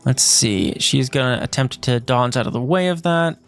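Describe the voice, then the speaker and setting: Male game master, mid-range voice, easygoing and halting, faint music behind. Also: medium pitch, gravelly. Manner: relaxed, hesitant, lots of fillers while ruling. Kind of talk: narrating a tabletop game.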